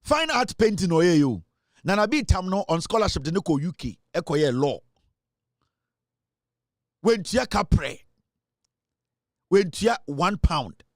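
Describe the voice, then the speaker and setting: A man with a Ghanaian accent delivers a scornful, angry rant, sliding between English and Twi. His voice sits fairly high and sounds dry and close, with no room around it. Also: no room sound. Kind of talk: angry social media rant.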